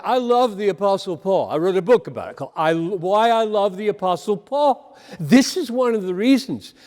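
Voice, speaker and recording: A man preaching a sermon in an earnest, emphatic way, repeating phrases as he drives each point home. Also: high-pitched. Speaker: pastor. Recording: long hall reverb.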